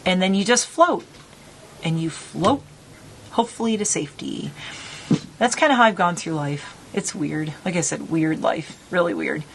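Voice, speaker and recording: A middle-aged woman vlogging casually from her rural home, talking in a rambling, animated way. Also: fairly low pitch, moderate pace, creaky, rough recording. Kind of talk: casual chat. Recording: faint background noise.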